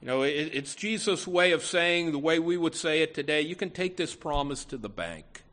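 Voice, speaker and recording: A man's voice: a little high, animated, moderate pace, a bit bright. A man preaching a sermon in an earnest, emphatic way, often restarting phrases and saying "you know".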